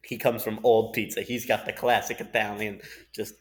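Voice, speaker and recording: A man's voice: fairly low pitch, flat delivery, normal speed, a crowd in the background. A man joining a podcast as guest, chatting casually, laughing often and rambling. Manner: laughing, joking, loose rambling talk.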